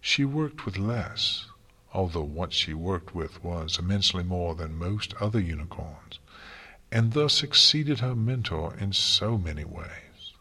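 Low husky male storyteller. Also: measured pace. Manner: calm, steady storytelling. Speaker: narrator. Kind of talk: audiobook reading of fan fiction.

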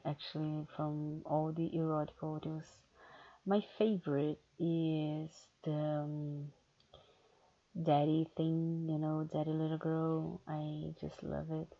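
A woman with a low, gravelly voice talks slowly and candidly in a casual question-and-answer chat, pausing often on fillers. The recording sounds dull and lo-fi. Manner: candid, hesitant with many fillers. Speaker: erotic audio creator.

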